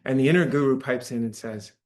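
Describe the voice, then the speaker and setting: A meditation teacher delivers a dharma talk to a live audience in a church hall, talking fast in a relaxed, conversational manner. He frequently checks in with listeners, and his pitch sits in an ordinary middle range.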